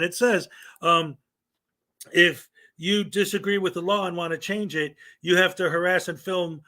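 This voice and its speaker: A man putting on the voice of a smug, gloating male auditor who bullies people, with a mocking, drawn-out sneer. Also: high voice, sharp tone, heavily acted.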